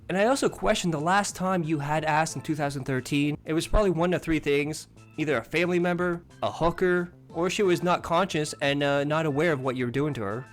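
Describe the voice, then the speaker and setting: A man hosting a commentary video, mocking and insulting his target in a sneering, animated way. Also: on the high side. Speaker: commentary channel host.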